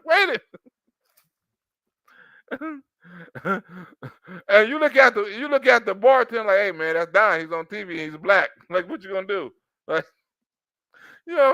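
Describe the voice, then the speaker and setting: A man's voice: high voice, sharp tone, no echo, highs cut off. A man doing comedic reaction commentary, mocking and laughing often, with street slang.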